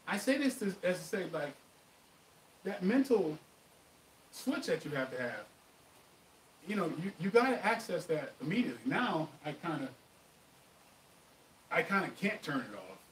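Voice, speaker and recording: A man hosts a live martial arts question-and-answer stream, telling stories with animated emphasis. His voice sits fairly high. It comes from off-mic in an echoey room with a faint hiss. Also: normal speed, long pauses, far from the mic. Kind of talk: live stream chat and storytelling.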